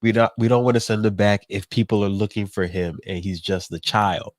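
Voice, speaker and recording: A man's voice: fairly low pitch, steady tone, a little fast, no echo. A man co-hosting a podcast in casual chat, laughing often and chiming in with short reactions. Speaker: podcast co-host.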